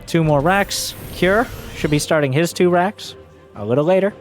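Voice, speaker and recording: A man giving solo play-by-play commentary on a strategy game, getting excitable and shouting when fights break out. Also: moderate pace, faint music behind. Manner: excitable, voice jumps high and shouts during fights. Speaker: esports caster.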